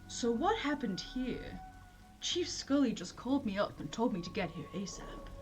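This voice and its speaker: A woman reads as a worn-out male detective with a sardonic edge. The voice is barely disguised, with animated swings in pitch. Soft music sits faintly behind it. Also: moderate pace, lightly acted. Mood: dry.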